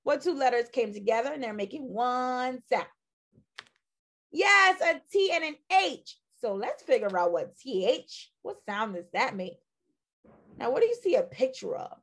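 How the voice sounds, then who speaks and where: A woman teacher leading a phonics lesson for young children, drilling sounds in a slow, sing-song way while losing her voice. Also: high-pitched, expressive, a bit bright. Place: classroom video lesson.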